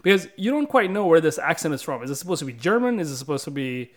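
A man's voice: a little high, big pitch swings, quick pace, fairly bright tone. A man hosting a casual podcast, upbeat and chatty, closing out the episode with sign-off lines. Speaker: podcast host.

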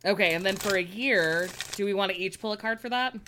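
A woman's voice: mid-range voice, fairly quick, fairly bright tone, a little hiss or hum. A woman co-hosting a podcast, chatting casually about tarot readings, laughing often and thinking aloud. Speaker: podcast co-host.

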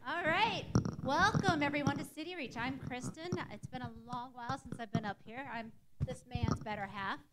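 A woman's voice: sits high, normal speed, heavy background noise. A woman giving casual, unscripted announcements into a stage microphone in a church, laughing easily. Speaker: church announcer, pastor's wife. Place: church sanctuary.

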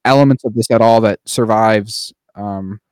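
A man's voice: lowish voice, moderate pace, darkish tone. A man co-hosting a podcast in casual chat, rambling and filler-heavy, now and then dropping into playful mock voices. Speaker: podcast co-host.

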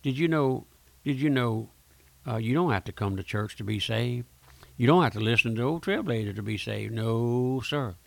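A man's voice: mid-range voice, lively intonation, normal speed, vocal fry, no room sound. A man preaching a fervent radio sermon, pleading with listeners and often calling them "my friend". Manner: pleading, repeats "my friend", addresses listeners directly. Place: radio studio.

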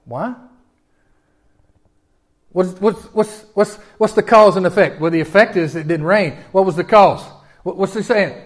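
A man preaching a sermon in a folksy, animated way, often asking his listeners questions. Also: high voice, unhurried, long pauses. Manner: folksy and animated, with repeated restarts and audience questions. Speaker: pastor.

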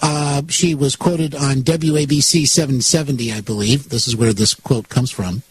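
A man's voice: mid-range voice, steady tone, moderate pace, a little hiss or hum, poor audio. A man hosting a talk radio show, giving sarcastic political commentary and mocking his opponents with bursts of laughter.

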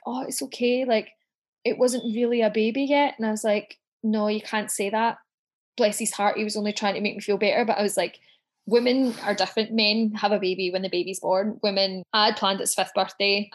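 A woman recounting a personal story with blunt, unfiltered honesty, swearing freely. She slips into the voices of the people in her story as she quotes them. Her pitch sits in the middle range for a woman. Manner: frank, sweary, acts out quoted dialogue.

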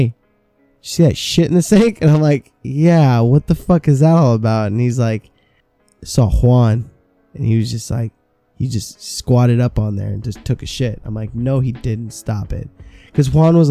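A man's voice: mid-range voice, mellow, dry recording. A man co-hosting a podcast, telling a rambling, profane work story in casual chat. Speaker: podcast co-host.

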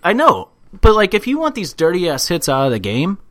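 A man's voice: high-pitched, wildly swooping pitch, normal speed, a bit bright. A man in casual sports chat, talking heatedly and swearing often. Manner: profane, heated.

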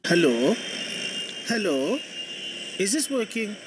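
A man's voice: sits high, big pitch swings, takes it slowly, heavily acted. A man leaving a voice message in a bad mock Indian accent, playing a crude, brash caller. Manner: crude, abrupt insults, bad put-on accent. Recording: noisy voice message.

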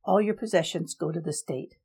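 A woman voicing a cold young male emperor who speaks in measured, formal decrees in a storybook reading. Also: fairly low pitch, mellow, husky.

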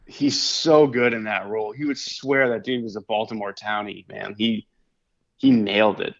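A man's voice: lowish voice, steady tone, moderate pace, vocal fry, highs cut off. A man co-hosting a podcast in loose, casual chat, full of fillers and restarts, laughing easily. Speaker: podcast co-host.

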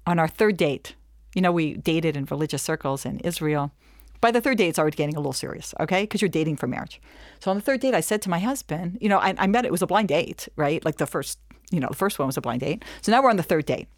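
A middle-aged woman teaching a webinar, talking in a lively way and acting out little back-and-forth dialogues. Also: low voice, fast, no room sound, clean studio sound. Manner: animated, acts out little dialogues with laughs. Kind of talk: lively talk to an audience.

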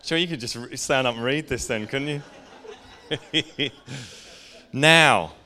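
A man preaching a sermon to a congregation. He speaks earnestly, slows down to stress key words, and puts questions to the room. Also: mid-range voice, pushed and bright. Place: church hall. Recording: echoey church hall.

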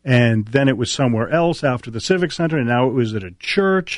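A man with a Boston accent, co-hosting a talk radio show and telling stories in an animated way. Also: mid-range voice, fairly quick, hardly any pauses, no echo, studio quality. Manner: animated storyteller who acts out dialogue. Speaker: radio co-host.

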